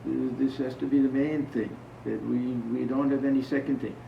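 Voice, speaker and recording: A man's voice: medium pitch, little pitch movement, moderate pace, creaky, a little hiss or hum. A man giving an informal spiritual talk to a small gathering, telling stories and asking his listeners questions. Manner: conversational, asks the audience questions. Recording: roomy, distant, dull sound.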